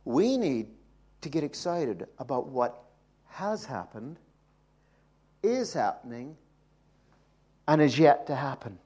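An older man preaching a sermon, moving from soft, quiet asides to loud, emphatic peaks. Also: mid-range voice, very animated, slow, pauses often, husky. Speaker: pastor.

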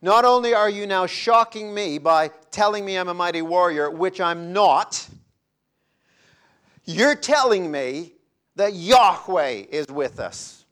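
A man's voice: high voice, animated, normal speed, a bit bright, voice pushed up. A male preacher voicing an indignant, frustrated ancient farmer who bursts out in exasperation. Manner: exasperated, emphatic outbursts.

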